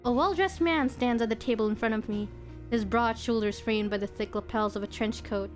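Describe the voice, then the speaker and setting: A young woman streamer reading a visual novel aloud, expressive, with giggly asides to her co-player. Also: on the high side, a little fast. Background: game music.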